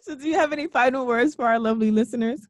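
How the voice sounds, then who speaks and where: A woman's voice: sits high, very fast, slight background noise. Effusive New York woman hosting. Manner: effusive, admiring, laughs often. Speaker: podcast host. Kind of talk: conversational interview.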